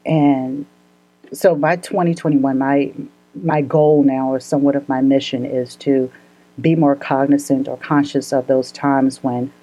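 A woman with a low voice tells a story in casual podcast chat. Her tone is soft and mellow, and she speaks earnestly with frequent laughter. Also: level tone, measured pace, rough recording. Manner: earnest, laughs often, gets emotional.

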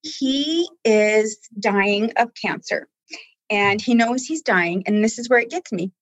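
A woman in a conversational interview, speaking earnestly and with deep feeling about the people she helps. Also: animated, takes it slowly, dry recording, rough recording. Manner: heartfelt, tearful at times, earnest. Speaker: staff member guest.

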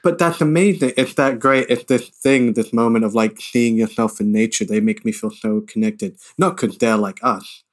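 A man's voice: mid-range voice, normal speed, few pauses. Rambling, enthusiastic male podcast co-host. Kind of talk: casual chat.

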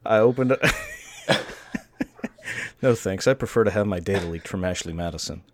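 A man's voice: deep voice, moderate pace. A man co-hosting a casual comedy chat, tossing out crude wisecracks. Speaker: podcast co-host.

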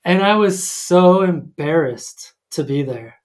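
A man's voice: a little high, animated, takes it slowly. A man in casual conversation, talking hesitantly with many ums and restarts. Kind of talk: casual chat.

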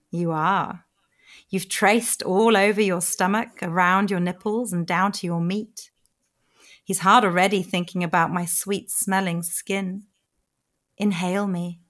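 A middle-aged woman from Germany with a German accent, reading her own erotic story slowly in a soft, intimate hush. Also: medium pitch. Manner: slow, intimate, hushed reading. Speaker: erotic writer and narrator. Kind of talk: sensual erotic narration.

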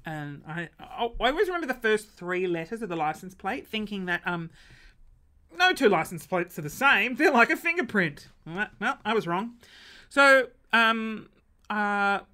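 A young Australian woman telling comic stories on her live stream. She acts out quoted lines in sudden high voices. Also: very animated, moderate pace, pushed and bright. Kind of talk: comedic storytelling.

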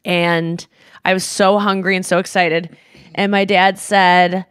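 A woman's voice: a little slow, smooth, no room sound, studio quality. A young woman co-hosting a podcast, telling a story in casual chat and swearing freely. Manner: animated, swears freely, acts out quotes in shrill yells. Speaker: podcast co-host.

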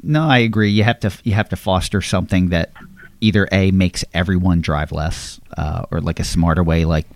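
A man co-hosting a podcast in a relaxed, casual way, using lots of fillers. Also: low voice, moderate pace, gravelly, no echo. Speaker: podcast co-host, nursery worker. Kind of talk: casual conversation.

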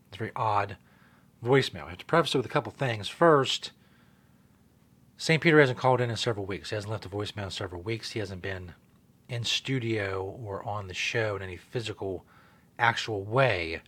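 A man hosts a casual online radio show in a fairly low voice. He rambles loosely and swears freely. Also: fairly bright tone. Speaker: show host. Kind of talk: casual podcast radio talk.

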